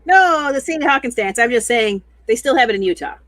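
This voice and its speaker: A woman's voice: fairly high pitch, expressive, brisk, fairly bright tone. A woman in a casual chat, explaining things in a matter-of-fact way.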